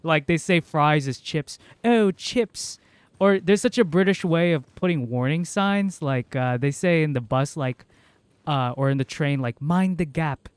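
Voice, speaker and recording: A man's voice: on the high side, moderate pace, clear, resonant tone, no echo. A young American man rambling chattily through a casual livestream, laughing often. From United States. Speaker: streamer.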